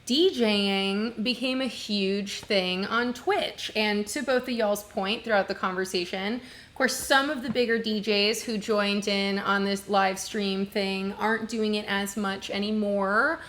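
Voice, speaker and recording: A woman's voice: mid-range voice, fairly even intonation, unhurried, a bit bright. A woman hosting a casual interview, bubbly and chatty, laughing easily. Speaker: podcast host.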